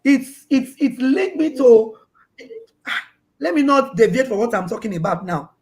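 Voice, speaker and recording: Woman guest on a remote call, animated storyteller, stumbles and repeats words, plays her children's lines. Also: sits high, measured pace. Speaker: guest parent. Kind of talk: casual storytelling interview. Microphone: video call.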